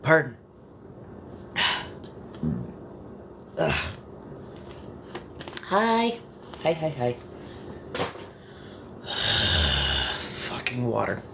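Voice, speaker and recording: A woman's voice: a bass voice, wildly swooping pitch, very slow, long pauses, background noise. A tired woman who is just waking up, chatting bluntly and casually on a body-doubling livestream and swearing freely. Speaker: livestream host.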